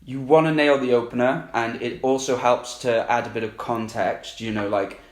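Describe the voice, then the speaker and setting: A man of middle pitch tells his story candidly, rambling and swearing freely. The room around him rings with a noticeable echo. His manner is loose and casual. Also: fairly even intonation, normal speed. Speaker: coaching client. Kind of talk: casual recounting of an experience. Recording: roomy echo.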